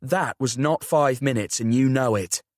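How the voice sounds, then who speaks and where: A man's voice: medium pitch, no echo, studio quality, natural voice. A man voicing an earnest, apologetic young man. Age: young adult. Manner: apologetic, quick.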